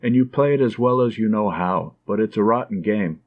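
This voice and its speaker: A man voicing a fragile, tender young woman nurse who speaks softly and pleadingly, in a slightly dull lo-fi recording. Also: fairly low pitch, moderate pace, close to an everyday voice. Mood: wistful.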